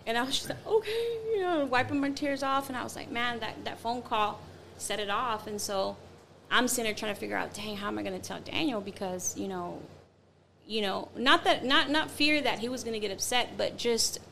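A woman tells a story in a loose, animated way, playing every person she quotes. Her voice has a gravelly edge. Faint hiss sits under the recording. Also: a little high, fairly quick. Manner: animated, acts out quotes, many fillers. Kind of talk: casual storytelling chat.

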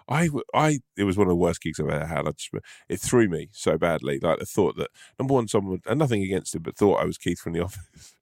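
A comedian with a low voice, recorded dry and close to the mic. He swears through his anecdotes and tells them with animated energy. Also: brisk, creaky, no echo. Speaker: podcast co-host, comedian. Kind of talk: casual chat.

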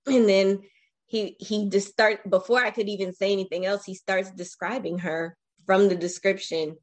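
This forty-something woman has a mid-range voice and a moderate pace. She's being interviewed on a podcast and shares her personal history in a lively, emotional way, restarting often.

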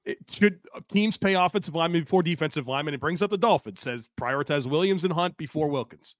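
A man's voice: fairly high pitch, fast, dry recording, clean studio sound. A man co-hosting a casual sports podcast, easygoing and conversational as he reads out listener takes. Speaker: podcast co-host.

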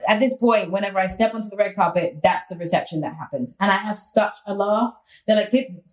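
A woman guest in a casual interview, telling stories in a playful, animated way. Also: medium pitch, brisk, reverberant, low-quality recording.

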